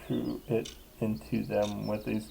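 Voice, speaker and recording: Sly female camp nurse as a man reads her, teasing, slow deadpan, gravelly edge, faint background noise. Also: on the low side, heavily acted, poor audio. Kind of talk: reading a visual novel aloud.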